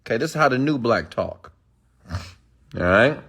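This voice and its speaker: A man's voice: mid-range voice, animated, normal speed, a bit bright, breathy edge. A man ranting emphatically on a live stream, answering chat comments and preaching to his followers with repeated "okay?"s.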